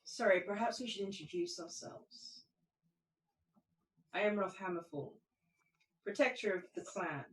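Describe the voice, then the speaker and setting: A player voicing a calm, courteous horse-bodied clan protector in a tabletop game. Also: mid-range voice, a little slow, pauses often, echoey room, natural voice, poor audio.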